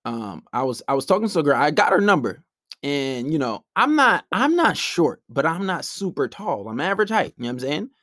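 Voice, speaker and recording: A man's voice: on the high side, sing-song, brisk, a bit bright, dry recording, studio quality. A young man talking bluntly and brashly in a casual monologue, acting out quotes as he tells stories.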